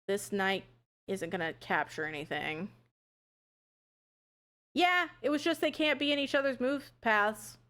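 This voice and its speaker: A young woman streamer chats casually with viewers while playing a puzzle game, swearing and laughing often and shrieking when she panics. Her medium-pitched voice is expressive and unhurried, with long pauses and a fairly bright tone.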